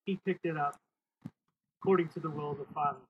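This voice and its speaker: A man's voice: on the high side, fairly even intonation, fast. A middle-aged male pastor preaching emphatically outdoors, repeating phrases and calling on the church for amens. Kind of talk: outdoor sermon. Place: outdoors, windy. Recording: tinny phone-like sound with wind noise.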